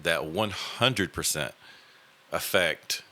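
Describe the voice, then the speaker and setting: A man's voice: low-pitched, slow pace, sharp tone. A man, hosting a podcast and telling a personal story in a casual, earnest way, with many fillers and restarts. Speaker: podcast host.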